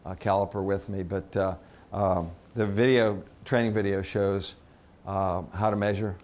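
A man giving a conference lecture as a veterinarian, chatty and halting with restarts, quizzing the audience. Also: on the low side, a little mellow. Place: conference room.

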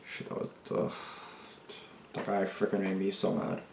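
A man's voice: deep voice, completely flat delivery, moderate pace, gravelly, darkish tone, a little hiss or hum. A young man hosting a reaction video, talking casually in a rambling, agitated way with plenty of swearing and restarts. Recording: echoey room.

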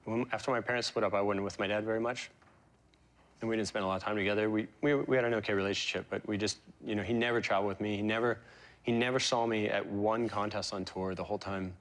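A man in his forties, a guest in an interview, telling personal stories in a halting, emotional way with many fillers and restarts. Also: fairly low pitch, fairly even intonation. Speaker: interview guest, pro surfer. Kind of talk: reflective interview storytelling.

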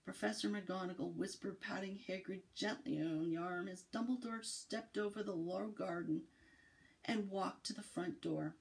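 A woman from a library reading a children's book aloud in an expressive storytelling cadence. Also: medium pitch, moderate pace, gravelly, poor audio.

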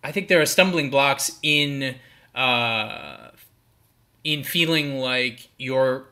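A man's voice: mid-range voice, slow, bright, forceful tone. A man voice actor on a panel, talking reflectively with hesitant fillers. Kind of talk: casual panel talk.

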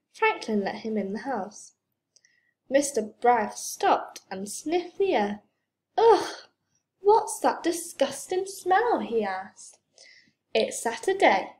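A woman reading a children's storybook aloud in a gentle, expressive way. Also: on the high side. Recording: roomy echo.

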